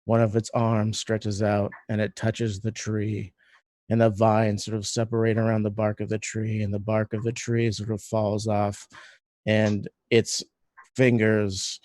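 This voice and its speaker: A man narrating eerie scenes as game master with many pauses and fillers. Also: lowish voice, monotone, a little mellow, dry recording.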